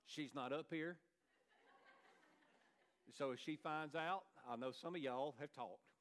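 A male pastor delivers a sermon in a relaxed, folksy way and speaks straight to his congregation. His voice sits a little high for a man and comes across smooth and resonant. He drifts into friendly asides and often repeats words as he goes. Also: slow.

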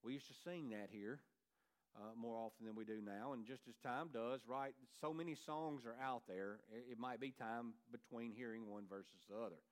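A man's voice: medium pitch, normal speed. A man, preaching a sermon as pastor in a folksy, conversational way, with asides to the congregation and repeated words.

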